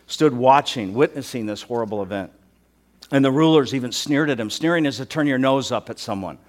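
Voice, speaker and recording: A man preaching a sermon in a church, animated and jokey, acting out mocking voices as he reads scripture. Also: mid-range voice. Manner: animated, acts out mocking voices, joking asides. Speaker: pastor.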